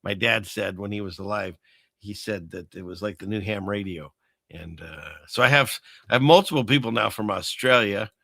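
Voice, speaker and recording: A man's voice: fairly low pitch, normal speed, creaky, bright, forceful tone. A man hosting his own show, rambling through casual commentary with many fillers and restarts. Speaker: show host.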